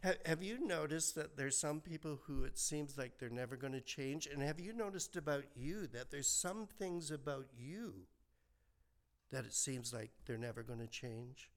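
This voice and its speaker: A man in his seventies preaching a sermon in a slow, conversational way, full of rhetorical questions and folksy asides. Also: medium pitch. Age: 70s. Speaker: pastor.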